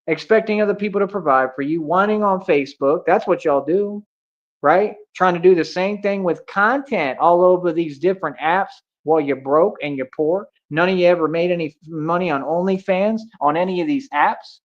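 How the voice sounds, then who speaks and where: This streamer's voice is high-pitched and moves at a moderate clip as he rants during a livestream. He's combative and goading, leaning heavily on street slang, and the lo-fi sound is dull.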